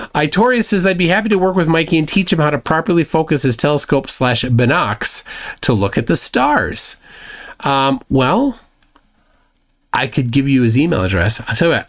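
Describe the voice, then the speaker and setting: A man hosting a live stream, reading viewer comments in casual chat and adding mocking, lecturing asides. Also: medium pitch. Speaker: livestream host.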